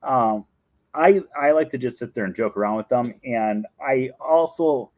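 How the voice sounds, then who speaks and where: Young male host, chatty and rambling, with a lively voice and a dry, close sound. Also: mid-range voice, a little slow, no echo, phone-quality sound. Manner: chatty, rambling, laughs often. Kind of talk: casual chat answering viewer questions.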